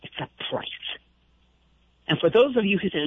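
A man's voice: high-pitched, very animated, a little slow, breathy edge. A man hosting a call-in radio show, speaking in an impassioned, indignant, rambling way with frequent restarts. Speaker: radio talk show host. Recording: dull lo-fi radio broadcast.

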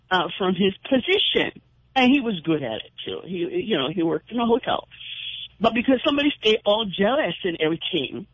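On a dull, lo-fi radio broadcast, a call-in show host talks in an indignant, impassioned ramble, frequently restarting his sentences. His voice is high and fairly bright, with no room sound.

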